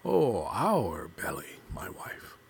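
A man voicing a sly, jealous old male owl who speaks in a low murmuring croon that trails off to a hush. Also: wildly swooping pitch, takes it slowly, creaky, slight background noise, exaggerated voice. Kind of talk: storybook character voice.

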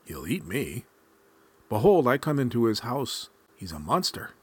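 A man's voice: mid-range voice, big pitch swings, husky. A man voicing a small, clever male raccoon trickster in a spoken folk tale, sly and pleading by turns. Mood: fearful. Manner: pleading, quick-witted.

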